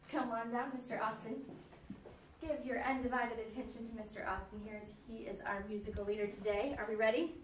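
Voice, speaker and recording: A woman's voice: fairly high pitch, fairly even intonation, moderate pace, slight background noise. A woman teacher leading children in a classroom lesson, cheerful and coaching. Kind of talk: classroom instruction. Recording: echoey classroom from far off.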